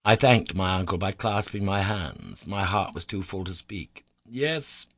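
A man narrating a classic adventure novel in a measured, expressive reading voice. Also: low-pitched, dry recording. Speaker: audiobook narrator. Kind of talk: scripted narration.

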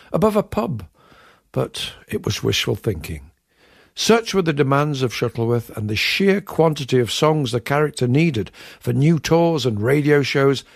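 A man hosting a comic radio show, speaking in a wry, confiding and self-mocking monologue with a raspy voice. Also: mid-range voice, no room sound, clean studio sound. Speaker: comedian and radio show host. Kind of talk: scripted comic monologue to audience.

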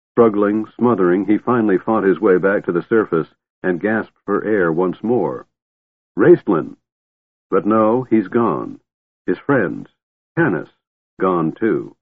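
Low, husky male storybook narrator. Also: no echo. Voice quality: intense, dramatic delivery. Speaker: audiobook narrator. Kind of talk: dramatic scripted narration. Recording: tinny phone-like dry sound.

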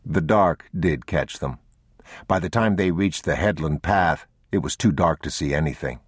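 A man reading a novel aloud as narrator in a measured, unhurried, somber way. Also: very deep voice, breathy edge, no echo, studio quality. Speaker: audiobook narrator. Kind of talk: scripted narration.

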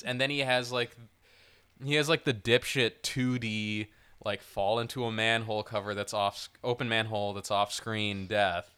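Man, podcast co-host, casual chat, rambling, slightly low voice, crisp sound. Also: normal speed. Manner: rambling, animated, swears, lots of "like".

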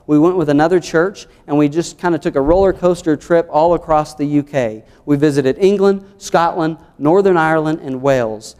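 A man's voice: a little high, darkish tone, smooth, long reverb tail. A man with a Southern American accent, an earnest pastor preaching a sermon through numbered points and scripture. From United States.

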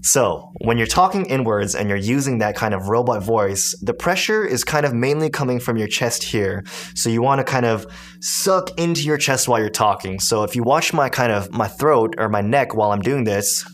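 A man's voice: medium pitch, animated, moderate pace. Man explaining a beatbox trick. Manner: explains step by step with demo sounds. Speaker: beatbox teacher. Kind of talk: casual tutorial.

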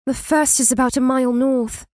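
A male narrator voicing a quiet, anxious young woman mage who speaks in an almost monotone way. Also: extremely high pitch, normal speed, no echo, clean studio sound, voice pushed up.

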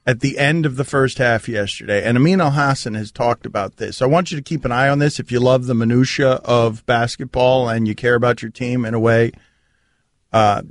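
A man hosting sports talk radio, riffing in an animated way on a studio mic. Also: mid-range voice, no room sound.

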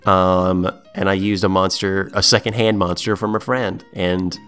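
A man co-hosting a podcast, chatting casually and telling profane, animated stories. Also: deep voice, moderate pace, faint music behind. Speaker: podcast co-host.

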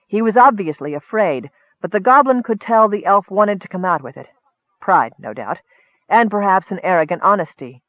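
A man reading a fantasy story aloud in steady narration. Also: a little high, moderate pace, dry recording. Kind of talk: audiobook narration. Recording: tinny phone-like line, dry.

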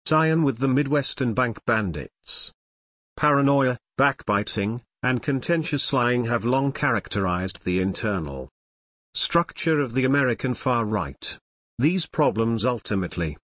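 Male audiobook narrator, mid-pitched, measured and even, close dry recording. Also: dry recording. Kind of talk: scripted nonfiction narration.

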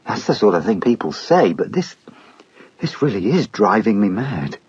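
A man voicing a troubled adult man who swings from yelling to hushed whispers. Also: lowish voice, big pitch swings, moderate pace, slightly rough, dry recording, highs cut off, heavily acted. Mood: distressed.

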